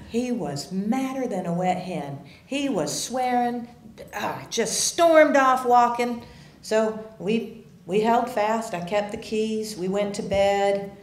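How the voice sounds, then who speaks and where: A woman telling a personal story at a live story slam, animated and swinging from hushed tones to loud outbursts. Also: a little high, slow pace, roomy sound. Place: theater stage.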